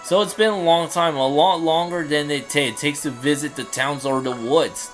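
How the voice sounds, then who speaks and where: A brash young samurai retainer, voiced by a man in a fantasy game fan dub. He is loud, blunt and boastful, with a slightly high voice, and faint music plays behind him. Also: steady tone, moderate pace, close to an everyday voice. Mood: encouraging.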